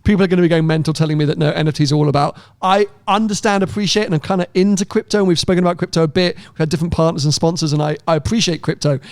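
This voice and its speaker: A man chatting on a car podcast, animated, lively and quick to laugh. His voice sits a little higher than most men's. The sound is dry and close, with no room around it. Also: gravelly, no echo. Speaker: podcast co-host. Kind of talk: casual chat.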